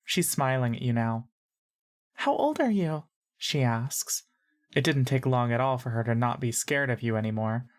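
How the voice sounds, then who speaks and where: A woman narrating a story in second person in a calm, measured way. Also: extremely low pitch. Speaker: audiobook narrator.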